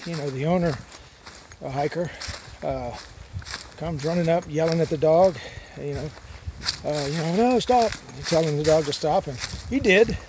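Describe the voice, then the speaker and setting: This man's voice runs a little high and moves at a moderate pace. Hiking a mountain trail, the long-distance vlogger gives an easygoing, meandering monologue full of "uh" fillers, with the outdoors audible in the background.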